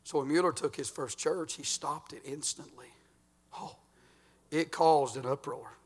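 An older man, a pastor preaching a folksy sermon that swings between loud and quiet. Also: fairly high pitch, a little slow, husky.

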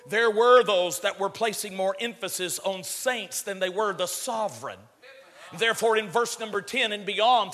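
A male preacher delivering a sermon, swinging from low murmurs to shouted, drawn-out climaxes. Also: noisy background. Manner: stretches words for emphasis. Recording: long hall reverb.

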